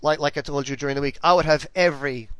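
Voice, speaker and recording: A man's voice: fairly high pitch, steady tone, quick pace, a bit bright, clean tone, dry recording. A man hosting a podcast, chatting enthusiastically and rambling with many restarts. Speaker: podcast host. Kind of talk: casual chat.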